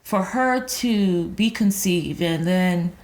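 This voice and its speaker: A woman's voice: on the low side, a little mellow. A middle-aged woman, a podcast guest, speaking thoughtfully and emotionally about a moving moment. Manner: slow, thoughtful, emotional, faith-minded. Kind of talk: candid podcast interview.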